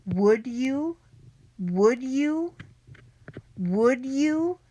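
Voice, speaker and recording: A woman's voice: medium pitch, animated, a little fast, pitched above the performer's own voice, close to an everyday voice. Woman doing an urgent, insistent schoolboy. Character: eager schoolboy, scheming best friend. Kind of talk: audiobook character voice.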